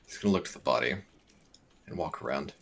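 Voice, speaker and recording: A man playing a dwarf cleric in a tabletop game, speaking flatly and heavily in and out of character. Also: extremely low pitch. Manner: slow, flat, gravelly delivery. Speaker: player.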